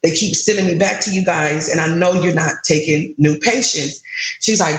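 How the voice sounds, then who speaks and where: In an interview, a woman in her thirties speaks candidly and emotionally about a frustrating personal experience as a guest sharing her story. Her voice is low-pitched and her pace normal. The recording is low quality, made in an echoey room.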